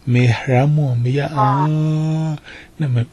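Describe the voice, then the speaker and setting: A man's voice: a little high, fairly even intonation, slow pace, mellow, breathy edge. A man giving a personal testimony, repeating himself and mixing English words into his talk. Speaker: testimony giver.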